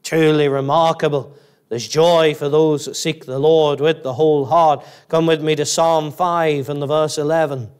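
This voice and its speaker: Fired-up church preacher guy, kinda high voice, keeps asking the congregation "isn't it?". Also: steady tone, moderate pace, darkish tone, smooth. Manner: fervent, emphatic, climbs high on exclamations; addresses listeners directly with rhetorical questions. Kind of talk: evangelical sermon. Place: church, evening service.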